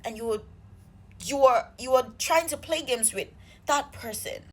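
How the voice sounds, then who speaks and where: A woman telling an exasperated storytime vlog, animated and swearing freely. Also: sits high, normal speed. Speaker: vlogger.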